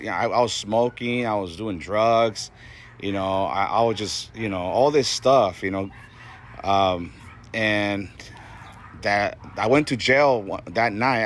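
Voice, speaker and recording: Earnest, halting man in his forties. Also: on the low side, fairly bright tone. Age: 40s. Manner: halting and earnest, with frequent "you know" fillers and restarts. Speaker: Christian testimony speaker. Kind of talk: personal faith testimony.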